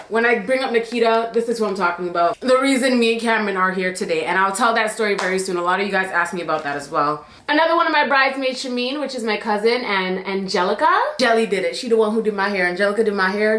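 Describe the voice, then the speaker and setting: A woman's voice: on the high side, a bit bright. A young woman from Jamaica chatting to her viewers in a casual story-time vlog, bubbly, chatty and emotional. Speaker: YouTube vlogger. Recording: echoey room.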